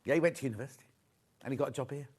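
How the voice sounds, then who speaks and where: A middle-aged man hosts a live sewing shopping show in a TV studio, gushing over fabrics and teasing the crew with chatty banter. His mid-range voice is husky and darkish, and he talks at a racing clip.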